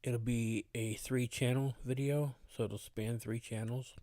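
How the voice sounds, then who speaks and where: A man hosts a relaxed live stream, chatting with viewers and filling pauses with "uh". His voice is warm and low-toned, a little rough as it recovers. The sound is dry and close to the mic. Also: no room sound. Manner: relaxed, greets chat viewers by name, frequent uh fillers. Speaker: horror story channel host. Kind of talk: casual live stream chat.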